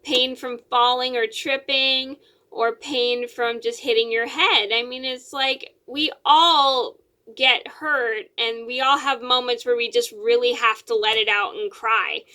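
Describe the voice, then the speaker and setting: A woman's voice: a little high, fairly even intonation, a little slow, pushed and bright. A young adult woman vlogger telling a personal story in a casual, rambling way, with lots of fillers and repeated words.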